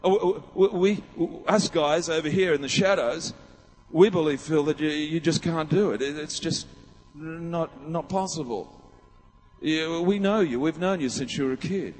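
A man's voice: on the high side, measured pace, long reverb tail. A man putting on a sneering voice of doubt. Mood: condescending. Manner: condescending, dismissive. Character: sneering voice of doubt, a male committee of naysayers.

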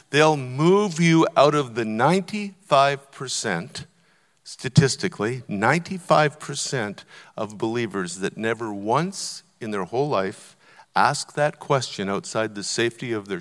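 A man's voice: medium pitch, fairly bright tone. An older man preaching a sermon to a congregation, conversational and emphatic, urging them on. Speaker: guest preacher. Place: church auditorium. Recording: long church hall reverb.

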